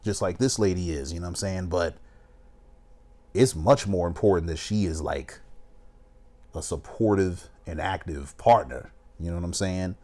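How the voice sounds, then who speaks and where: A man's voice: low voice, moderate pace, dark tone. A young man, talking in a casual, emphatic way as he reacts to a video and gives advice. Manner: emphatic, preachy, keeps saying "you know what I'm saying". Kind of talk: casual commentary.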